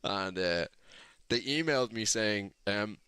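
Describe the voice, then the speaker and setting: A man's voice: on the low side, lively intonation, a little slow, sharp tone, clear, resonant tone, no echo. A man chatting casually with his gaming group over voice chat, laughing often and swearing freely. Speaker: gaming clan member.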